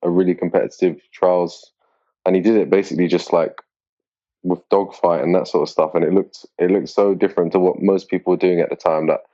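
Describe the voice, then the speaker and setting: Low, dark-voiced man chatting loosely. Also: a little fast. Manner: relaxed, rambling, many fillers. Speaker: guest, grappling competitor. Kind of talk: casual interview chat. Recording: dull lo-fi sound.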